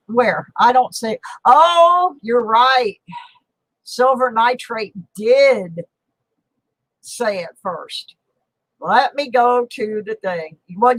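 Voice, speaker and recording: The coin show host, a middle-aged woman broadcasting from her home on a mountain, has a slightly high voice. She rambles cheerfully and pokes fun at herself on the casual live stream, recorded poorly though without echo.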